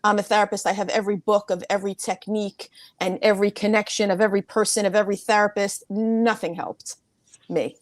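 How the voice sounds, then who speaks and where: Middle-aged woman, therapist guest, rapid animated storytelling, close dry recording. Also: no echo. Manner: animated, rapid talker who mimics others in a high voice. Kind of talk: casual interview storytelling.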